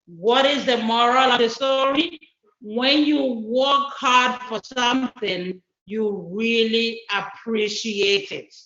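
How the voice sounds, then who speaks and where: A woman's voice: a little high, steady tone, slow, fairly bright tone. A woman telling a children's story at a church service, speaking expressively and addressing the children directly. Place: church sanctuary. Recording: echoey church hall, dull sound.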